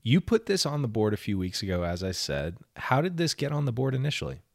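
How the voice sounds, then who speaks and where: A man's voice: mid-range voice, big pitch swings, fast talker, gravelly, no echo, clean studio sound. A man co-hosting a movie podcast, chatting in an easygoing, agreeable way. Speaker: podcast co-host. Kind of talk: casual movie podcast chat.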